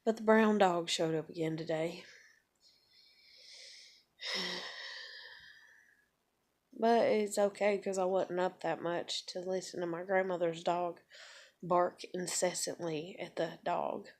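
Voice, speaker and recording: A woman's voice: lowish voice, fairly even intonation, slow pace, long pauses, darkish tone. Rambling, swearing woman in her thirties. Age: 30s. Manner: rambling, profane, frustrated. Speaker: vlogger. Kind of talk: casual venting monologue. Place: room at home.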